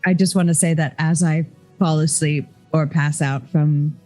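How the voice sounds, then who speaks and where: Joking man player, higher voice. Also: fairly even intonation, normal speed, darkish tone, faint music behind. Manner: joking, teasing.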